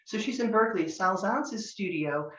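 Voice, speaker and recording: A woman's voice: mid-range voice, expressive, moderate pace, fairly bright tone. An older woman from Northern California teaching tarot in a chatty, anecdotal way, acting out bits of dialogue. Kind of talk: online master class talk. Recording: echoey, distant, dull lo-fi sound.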